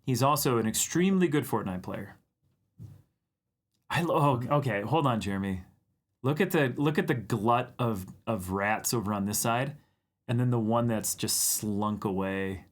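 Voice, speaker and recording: A man hosting a livestream, chatting casually and excitedly about viewer drawings, laughing often. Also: mid-range voice, moderate pace. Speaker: livestream art show host.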